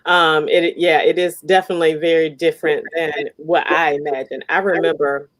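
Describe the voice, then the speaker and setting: A woman's voice: low-pitched, flat delivery, fairly quick. A woman hosting a casual interview, telling stories animatedly and laughing often. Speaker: podcast host.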